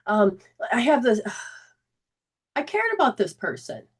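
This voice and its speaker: With a fairly high, slow voice carrying a breathy edge, a woman hosts a spiritual self-help talk as a healing coach. She speaks earnestly and casually, often restarting sentences and briefly performing recalled dialogue in animated quoted voices.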